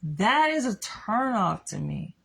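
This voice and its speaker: A woman's voice: mid-range voice, very animated, takes it slowly, gravelly, a bit bright, husky. A young adult woman giving a blunt, candid monologue to her audience, swearing freely as she states her opinions. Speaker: vlogger.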